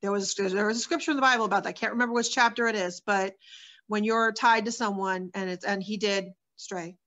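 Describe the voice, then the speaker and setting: A woman telling her own life story as an interview guest, candid and earnest. She talks at a middle pitch and loosely, with plenty of fillers and restarts. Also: steady tone, a little fast, a bit bright. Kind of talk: sharing a personal testimony.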